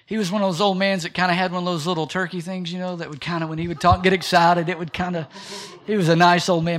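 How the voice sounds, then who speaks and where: Brief: male pastor in a church, joking, animated preaching with a high voice. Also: fast talker. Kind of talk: sermon.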